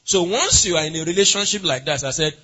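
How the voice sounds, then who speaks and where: Bright-voiced pastor questioning his flock. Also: on the high side, quick pace, husky, dull audio. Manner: asks the congregation questions and calls on members by name. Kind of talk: interactive sermon.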